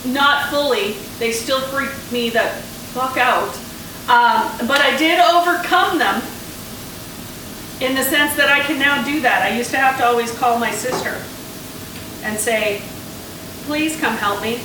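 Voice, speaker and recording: A chatty woman from Canada, a touch high-pitched, talks her way through a home cooking video with rambling asides. Her voice bounces around a very echoey kitchen and sounds a little distant from the mic. Food sizzles clearly on a pan behind her. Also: measured pace. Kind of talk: casual cooking vlog chat. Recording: very echoey kitchen, mic far off, frying noise. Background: food sizzling on a grill pan.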